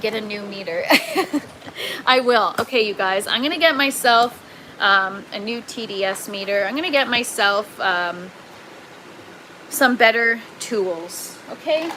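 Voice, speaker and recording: A woman's voice: mid-range voice, lively intonation, a little slow, bright, forceful tone, slight background noise, low-quality recording. A woman hosting a casual livestream, chatting and reading viewer comments aloud, laughing often. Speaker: livestream host. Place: indoor grow tent.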